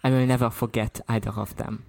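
A man's voice: mid-range voice, little pitch movement, fairly quick, vocal fry, darkish tone, a little hiss or hum, lightly acted. A man reading a story aloud, voicing a gushing French woman with a French accent in a theatrical, overblown way.

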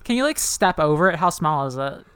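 Chatty, giggly woman co-host, smooth clean voice, dry close sound. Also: sits low, expressive, a little fast, a bit bright, no room sound, soft background music. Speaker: podcast co-host. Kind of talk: casual book discussion chat.

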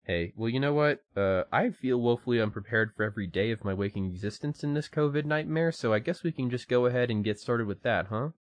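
A man's voice: mid-range voice, animated, a little fast, hardly any pauses, no echo. Young man chatting loosely on a podcast. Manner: loose, rambling, many fillers and restarts, swears casually. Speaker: podcast co-host. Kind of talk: casual chat.

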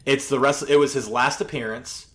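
A man co-hosts a podcast, talking casually and rambling with many fillers and an occasional swear. He speaks at normal speed in a medium pitch, his tone steady and fairly bright.

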